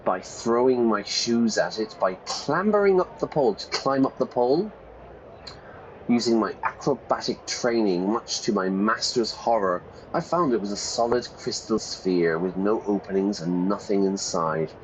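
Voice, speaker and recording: A man's voice: lowish voice, lively intonation, highs cut off, slight background noise. A man teaching English while reading a game's story text aloud, playfully stopping to explain words and correct himself. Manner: playful, pauses to gloss vocabulary and self-correct. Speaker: English teacher streaming a game.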